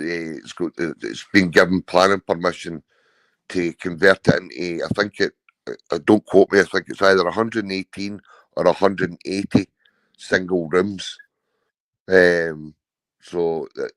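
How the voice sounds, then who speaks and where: A man's voice: sits low, no echo, rough recording. A Scottish man talking hesitantly with many fillers on a live stream video call. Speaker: guest.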